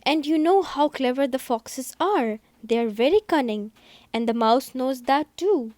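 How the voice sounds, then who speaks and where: A woman teacher giving a recorded English lesson to young pupils, speaking slowly and repeating herself to explain each step. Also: high-pitched, expressive, darkish tone, no echo. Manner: slow, repetitive, explaining step by step.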